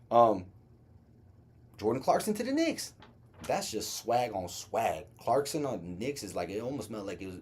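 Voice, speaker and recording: A man's voice: on the low side, darkish tone, breathy edge. A man from Las Vegas hosting a casual basketball livestream, laid-back and slangy, stumbling playfully over hard names. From Las Vegas, Nevada. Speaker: podcast host.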